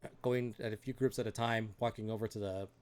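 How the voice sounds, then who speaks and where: A man's voice: on the low side, steady tone, quick pace, a little mellow, smooth. A man narrating as game master in a casual, laid-back way, with fillers and chuckles. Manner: casual, lots of fillers and laughter. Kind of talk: improvised tabletop game narration.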